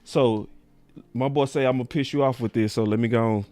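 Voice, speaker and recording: A man's voice: medium pitch, fairly even intonation, fairly quick, dark tone, faint music behind. A man co-hosting a watch-party stream, teasing and chiming in playfully. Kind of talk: casual chat.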